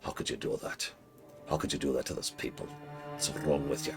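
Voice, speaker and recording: A man putting on a gruff, scolding dwarf. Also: rumbling low, steady tone, a little fast, loud music behind the voice, voice pushed down. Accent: put-on fantasy dwarven. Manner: indignant, scolding questions.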